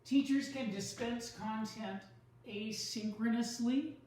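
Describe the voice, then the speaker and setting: A man teaching a recorded online writing lesson, explaining step by step in a measured way and leaning on key words. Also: high-pitched, a little mellow, heavy reverb, far from the mic, low-quality recording.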